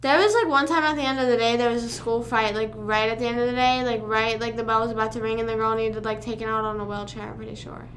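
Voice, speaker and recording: A young woman chats loosely on her livestream, piling filler words into long, wandering stories and swearing casually. Her voice sits a little high and sounds bright and forward. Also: fairly even intonation, quick pace, few pauses, a little hiss or hum. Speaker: livestream host.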